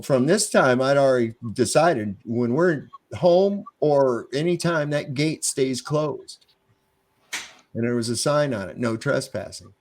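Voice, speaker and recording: A middle-aged man telling a story in casual conversation, swearing freely and acting out both sides of a confrontation in a defiant tone. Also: mid-range voice. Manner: profane, defiant, acts out both sides of the exchanges.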